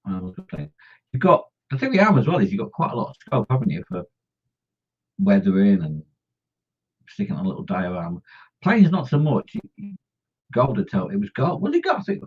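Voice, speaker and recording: A middle-aged man hosts a model-painting live stream, reading the chat aloud and teasing viewers with jokes and chatty banter. His mid-range voice swoops wildly in pitch, with a breathy edge, a moderate pace and long pauses. The lo-fi stream audio sounds dull.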